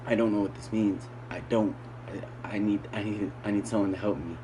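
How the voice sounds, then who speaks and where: A man's voice: fairly low pitch, fairly even intonation, moderate pace, noisy background. A man recounting a frightening dream in a fearful, pleading way.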